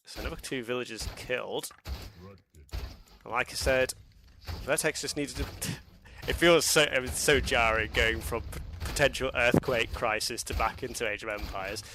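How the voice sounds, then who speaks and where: A man's voice: mid-range voice, fairly even intonation, moderate pace, bright, forceful tone, a little hiss or hum. A man doing casual live commentary on a strategy game match, rambling loosely and laughing often. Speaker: esports commentator.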